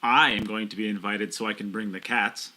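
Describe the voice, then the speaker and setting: Lowish bright voice, guy co-calling pool, joking around a lot. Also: fairly even intonation, a little fast. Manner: playful, banters and jokes. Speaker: pool commentator. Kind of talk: live sports commentary.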